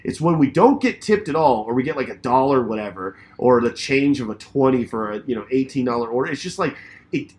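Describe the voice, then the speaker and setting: A man co-hosting a podcast in casual chat, animated and swearing, now and then singing a bit of a song. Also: medium pitch, fairly quick. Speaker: podcast co-host; pizza delivery driver.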